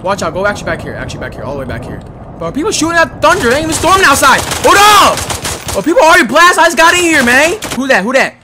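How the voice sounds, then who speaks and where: A man doing excitable, slangy gameplay commentary, muttering one moment and yelling the next. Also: very high voice, rapid-fire, background noise. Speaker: gaming YouTuber. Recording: gunfire from the game behind.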